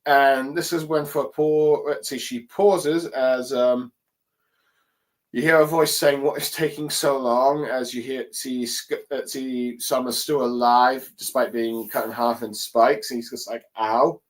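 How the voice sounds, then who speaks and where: A man casually recapping a comic chapter for his channel, talking hesitantly with many fillers and pauses. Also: medium pitch, fairly even intonation. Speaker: manga chapter reviewer. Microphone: desk mic at a streaming setup.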